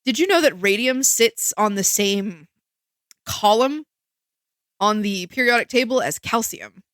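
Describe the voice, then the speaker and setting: A woman co-hosting a podcast in casual chat, lively and chatty, explaining facts with exclamations. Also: a little high, unhurried, dry recording. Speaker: podcast co-host.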